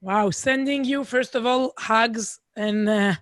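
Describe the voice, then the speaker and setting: A woman's voice: on the high side, slow pace, no room sound. A woman from Israel speaking on a video call, searching for words with frequent fillers and restarts. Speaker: guest speaker. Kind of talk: warm conversational talk.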